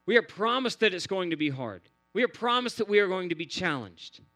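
A man's voice: high voice, sing-song, a little fast, pushed and bright. A man preaching a sermon in an earnest, repetitive cadence, building phrase on phrase. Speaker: pastor.

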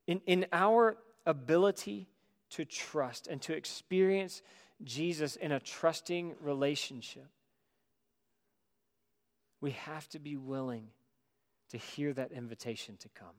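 Guy preaching a sermon, kinda high voice, big booming hall echo, gets loud then real quiet. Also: a little slow, long pauses. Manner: swings from loud emphatic preaching to quiet, hushed reflection. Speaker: pastor.

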